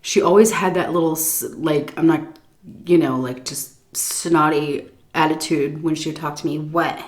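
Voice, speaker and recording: Animated woman telling a story, lowish voice. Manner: animated storytelling that drops to muttered asides, swears casually; pauses for chewing and stomach noises while talking. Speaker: food vlogger. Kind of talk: story time while eating on camera.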